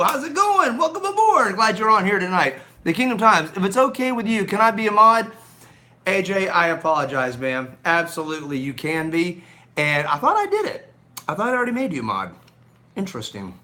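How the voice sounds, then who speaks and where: Speaking into a gimbal-mounted phone at home, an upbeat man chats on a casual live stream, greeting viewers by name with lots of ums and restarts. His voice is high and bright, with a slight scratchiness in the throat.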